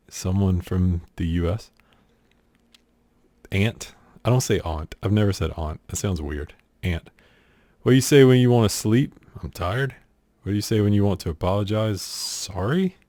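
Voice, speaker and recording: This man's fairly low, darkish voice is recorded with no room sound. He's a streamer from the American South with a South Carolina accent. During a casual accent-tag challenge he reads quiz questions out loud and answers them with dry, exasperated sarcasm.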